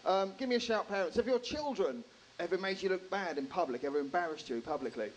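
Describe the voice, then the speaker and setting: A man doing a stand-up comedy set in a live room, animated, swearing freely and acting out characters. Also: high voice, quick pace, slight background noise, low-quality recording.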